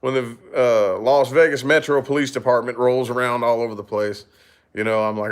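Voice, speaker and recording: A man's voice: medium pitch, brisk. A man from Kentucky, a YouTuber, chatting casually with viewers in a rambling way, swearing and laughing often. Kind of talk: casual livestream chat.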